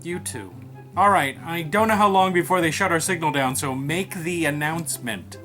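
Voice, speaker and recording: A man playing an impatient, exasperated straight man who talks curtly and deadpan. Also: on the high side, soft background music. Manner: curt, deadpan, hurried.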